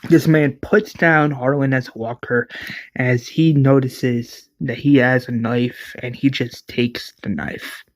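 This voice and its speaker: Slow-talking man retelling his story. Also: mid-range voice, fairly even intonation, no echo. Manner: casual, restarting words, voicing the characters. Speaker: series creator and narrator. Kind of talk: casual retelling of a fan story.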